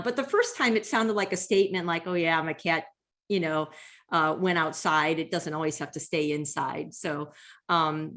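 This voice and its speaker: A woman lecturing on brain anatomy over slides, explaining step by step in a patient way with frequent ums. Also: fairly low pitch. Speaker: neuroscience lecturer. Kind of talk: slide-based health lecture.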